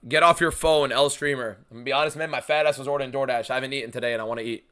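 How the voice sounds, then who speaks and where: Fast, bright-voiced young male streamer. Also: mid-range voice. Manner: excitable, profane, reads chat aloud. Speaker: streamer hosting a fight watchalong. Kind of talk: casual live-stream commentary.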